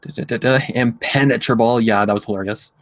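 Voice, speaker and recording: A man hosting a relaxed livestream at a middle pitch, rambling through his thoughts and swearing freely. He reads viewer messages aloud and hums while he scrolls. The sound is dry and close, with no room echo. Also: brisk. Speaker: livestream host. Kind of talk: casual livestream chat.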